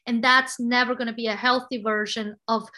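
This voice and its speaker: A woman in her forties in casual conversation, an expressive and animated storyteller. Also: on the high side, fairly quick. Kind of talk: casual conversation about relationships.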